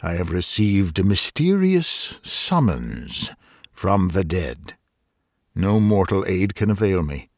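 A man voicing a doomed, pale stranger who speaks in a hollow, distant low murmur, calm and grave. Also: slow pace, no echo, studio quality, exaggerated voice. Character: doomed pale middle-aged man summoned by dead. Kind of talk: scripted narration of a Victorian ghost story.

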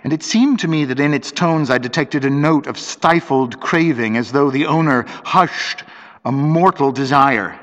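Man reading a sea story in a steady measured voice, mid pitch, lots of reverb. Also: muffled recording. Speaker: narrator. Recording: long reverb.

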